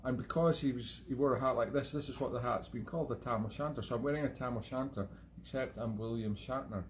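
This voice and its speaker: A man's voice: mid-range voice, fast, slight background noise. A Scottish man hosting a live-streamed music show from home, chatting in a rambling, digressive way with self-mocking humour. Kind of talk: rambling casual monologue.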